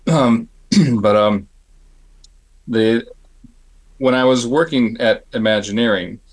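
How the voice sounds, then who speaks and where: A middle-aged man from Phoenix, Arizona, a makeup effects artist telling stories on a panel, acting out the people in them and often clearing his throat. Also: medium pitch, slow pace. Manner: animated, acts out the people in his anecdotes; frequent throat clearing and restarts. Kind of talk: storytelling on a panel.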